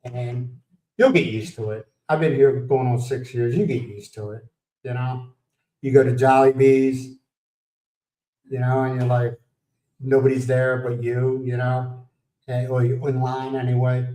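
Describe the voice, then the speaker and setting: A man's voice: mid-range voice, level tone, measured pace, dark tone, roomy sound, far from the mic, rough recording. A man from the United States hosting a livestream, chatting casually, telling rambling stories, laughing and greeting viewers by name. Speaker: livestream host. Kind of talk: casual chat.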